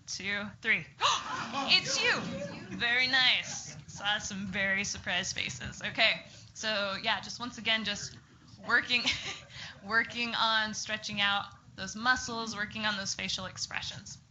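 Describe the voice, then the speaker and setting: A woman's voice: medium pitch, steady tone, unhurried, pushed and bright. A woman speech therapist leading a group through exercises, giving encouraging step-by-step instructions. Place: group therapy session room. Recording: muffled lo-fi with faint noise.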